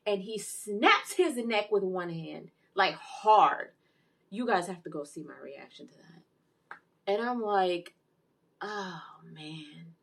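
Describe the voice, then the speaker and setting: A woman giving a casual, animated recap and review of a TV episode, telling the plot with exclamations. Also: fairly low pitch. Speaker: TV series reviewer.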